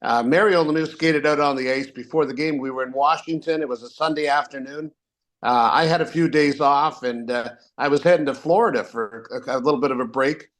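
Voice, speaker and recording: An older Canadian man, a retired hockey referee appearing as a guest, tells rambling anecdotes with lots of fillers and restarts. His voice is medium-pitched and a little fast, and the talk is casual storytelling.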